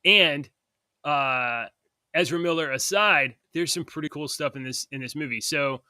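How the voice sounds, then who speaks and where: A man hosting a casual podcast chat, his voice slightly high and bright. He rambles from one point to the next and laughs between them. The sound is close and dry. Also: a little slow, no echo. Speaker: podcast co-host.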